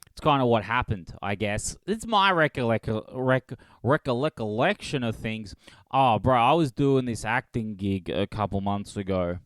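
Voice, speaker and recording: A man's voice: medium pitch, lively intonation, normal speed, a bit bright, clean tone, no room sound. Crude, sarcastic young man ranting solo. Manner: crude, sarcastic, mocking impressions. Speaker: podcast host. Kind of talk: solo comedic rant.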